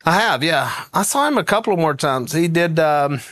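A man's voice: a little high, normal speed, no room sound. A man spinning a funny story, his voice climbing and dipping with lots of lift. He laughs as he goes and slips into the voices of the people in his tale. The sound is close and dry. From American South. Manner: animated, laughs through his story, acts out quotes. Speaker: guest storyteller. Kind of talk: casual storytelling anecdote.

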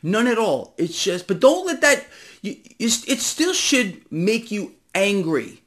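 A man delivering an impassioned monologue to his vlog audience, swinging between loud outbursts and hushed asides. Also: sits high, sing-song, takes it slowly. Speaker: financial commentary vlogger. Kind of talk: direct-to-camera ranting monologue.

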